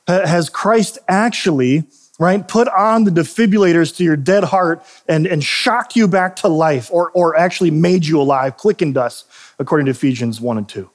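A man's voice: on the high side, normal speed. A male pastor giving a sermon in a church, talking in a loose, conversational way with frequent restarts and asides. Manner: conversational, self-deprecating, frequent restarts and fillers.

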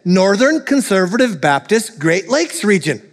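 A man voicing a despairing man on a bridge in a joke he reads out, giving short flat answers. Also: high voice, unhurried, in a large hall, exaggerated voice. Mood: terse.

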